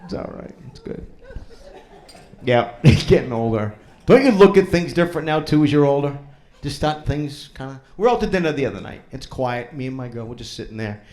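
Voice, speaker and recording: Medium in pitch with lively intonation and a darkish tone, this man talks fairly quickly through a crude stand-up routine with a hint of New in his speech. On a comedy club stage, he brashly teases a laughing crowd.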